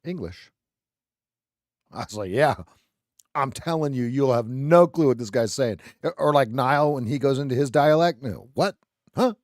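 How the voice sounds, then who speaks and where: A man's voice: medium pitch, moderate pace, no room sound, clean studio sound. A middle-aged man hosting a live trading stream, chatting casually and joking between calls on trades. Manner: chatty, jokey, excitable over trades.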